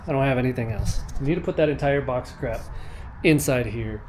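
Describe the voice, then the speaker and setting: Laid-back man with a mid-pitched voice, joking wryly through a casual garage vlog. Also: brisk, darkish tone, slight background noise. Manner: laid-back and wry, with offhand jokes. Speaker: vlogger working on an old truck.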